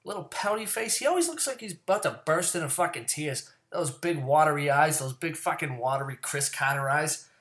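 A man casually giving his fantasy football picks in a rambling, profane rant that swings from loud and worked up to low muttering. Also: lively intonation, a little fast, few pauses. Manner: profane, rambling and ranting, swears often; gets loud and worked up, then drops back to low mutters.

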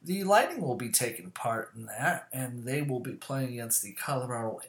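A man chatting casually to camera, rambling and swearing often, with lots of fillers and quick self-corrections. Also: mid-range voice, expressive, a bit bright. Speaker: vlogger. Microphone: camera mic. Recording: echoey room.

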